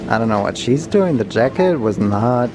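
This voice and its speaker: A man's voice: mid-range voice, expressive, moderate pace. A young man, bantering in a casual vlog with a dry, teasing manner. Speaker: vlogger's partner. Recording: noisy with traffic around.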